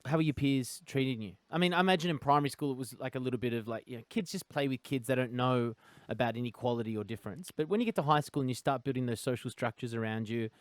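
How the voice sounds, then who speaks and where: A man's voice: medium pitch, fast, hardly any pauses, no echo. A man hosting a conversation, asking long, thoughtful questions that set up his topic. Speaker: podcast host. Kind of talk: conversational interviewing.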